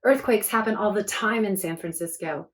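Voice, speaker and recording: A woman's voice: medium pitch, moderate pace, close to an everyday voice. A woman voicing a sensible young girl with allergies who speaks matter-of-factly.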